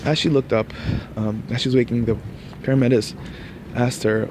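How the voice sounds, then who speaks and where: A man's voice: mid-range voice, steady tone, moderate pace, long pauses, noisy background. Rambling male storyteller by a street. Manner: rambling, restarts often, laughs at his own story. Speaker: vlogger. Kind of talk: casual storytelling.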